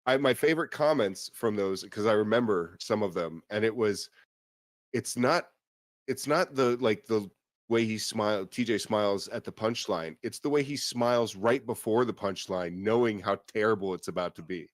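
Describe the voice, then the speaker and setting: A man's voice: lowish voice, normal speed, dry recording. A man hosting a podcast in casual chat, rambling and swearing freely, with plenty of fillers and restarts. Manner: rambling and profane, full of fillers. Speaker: podcast host.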